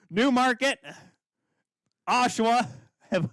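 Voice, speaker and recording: A young man co-hosting a casual hockey podcast, arguing excitably and rattling off names. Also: extremely high pitch, no room sound, studio quality. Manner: excitable, rapid-fire arguing. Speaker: podcast co-host.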